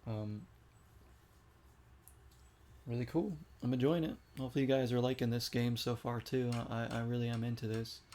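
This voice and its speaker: A man's voice: mid-range voice, steady tone, moderate pace, pauses often, dark tone, a little hiss or hum. A man giving casual, chatty commentary while playing a video game and reacting aloud to each shot. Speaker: gaming streamer.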